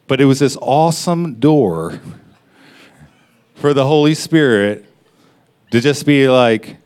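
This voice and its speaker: A man preaching in a conversational, personal way, stopping for quick laughs and honest asides as he addresses his listeners. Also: mid-range voice, expressive, a little mellow. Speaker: pastor. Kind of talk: sermon.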